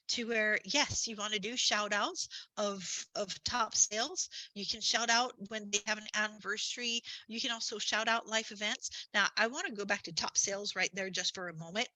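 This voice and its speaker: A woman coaching realtors in an upbeat, chatty way, full of little asides and self-corrections. Her voice is bright and forceful, and it sounds dry and close with no room echo. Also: mid-range voice, moderate pace. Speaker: business coach. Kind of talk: conversational marketing presentation.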